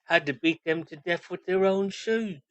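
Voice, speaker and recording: A man voicing a boastful, unflappable middle-aged British rock roadie who tells wild tales in a deadpan way. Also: high-pitched, moderate pace, no room sound, pitched above the performer's own voice. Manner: deadpan tall-tale telling.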